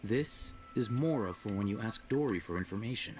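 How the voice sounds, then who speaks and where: An actor playing a cool, calculating male scholar in a game, measured and matter-of-fact. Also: lowish voice, expressive, soft background music, natural voice. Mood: detached.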